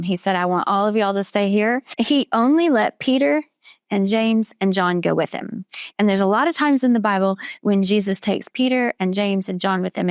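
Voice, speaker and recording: A woman teaching children a Bible story, asking them questions and slowing down on key words. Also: mid-range voice, clean tone, no echo, clean studio sound. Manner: patient, questioning, slows down for emphasis.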